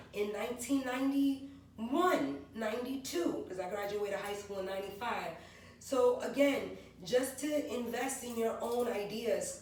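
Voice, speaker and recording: A woman in her forties, a maker of natural hair and skin products, chatting her way through her product line and rambling through lists of ingredients. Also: medium pitch. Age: 40s. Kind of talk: casual product walkthrough vlog. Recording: very echoey room, voice from far off, faint background hum.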